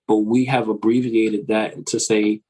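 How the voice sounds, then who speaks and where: A man's voice: lowish voice, flat delivery, measured pace, a little mellow, rough recording. A man in his thirties, a financial coach, answering interview questions in a reflective, conversational way and often checking in with "right?".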